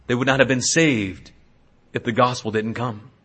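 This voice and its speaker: A man in his thirties, a pastor preaching a sermon, swinging between hushed asides and loud exhortation. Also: medium pitch, steady tone, normal speed, husky.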